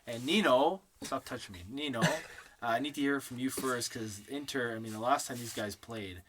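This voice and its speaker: A man's voice: medium pitch, brisk, fairly bright tone, a little hiss or hum. A man co-hosting a casual sports podcast, teasing his friends and laughing often. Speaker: podcast co-host. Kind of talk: casual chat.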